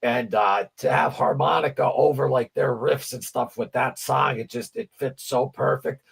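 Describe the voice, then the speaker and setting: A man's voice: medium pitch, fairly even intonation, normal speed, vocal fry, fairly bright tone, breathy edge. A man co-hosting a livestream, chatting casually about music, rambling and stammering, with frequent swearing. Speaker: livestream co-host.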